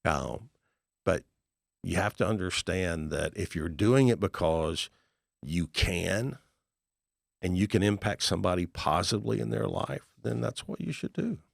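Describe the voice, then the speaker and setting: A middle-aged man with a very deep, gravelly voice tells stories in a podcast interview. He acts out the voices of the people he talks about in a folksy way. The recording is close and dry. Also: a little slow, no room sound. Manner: folksy, animated storyteller acting out dialogue. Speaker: guest, real estate investor and author.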